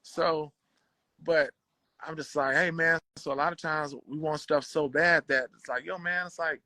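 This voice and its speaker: A man guest on a conversation show, telling a story in relaxed slang and acting out what others said. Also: a little high, moderate pace, no echo, poor audio. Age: adult with children. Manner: slangy, relaxed street talk; acts out quoted dialogue. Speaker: podcast guest, bassist.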